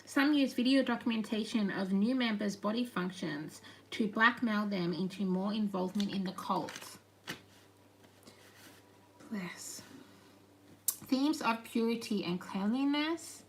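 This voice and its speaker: A woman speaking channeled messages in a halting, meandering way, with murmured asides. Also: mid-range voice, a little hiss or hum, low-quality recording.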